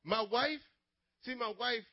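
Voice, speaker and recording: A man preaching an energetic call-and-response sermon to teenagers as youth pastor, telling stories dramatically. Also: very high-pitched, a little slow, no room sound. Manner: dramatic storytelling, swings from loud to hushed. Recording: dull lo-fi sermon recording.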